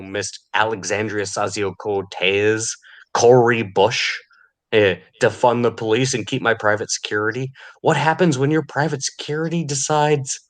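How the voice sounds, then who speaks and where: A man's voice: mid-range voice, fairly even intonation, normal speed. A man delivering an angry, profane podcast rant, sneering and furious. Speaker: podcast host.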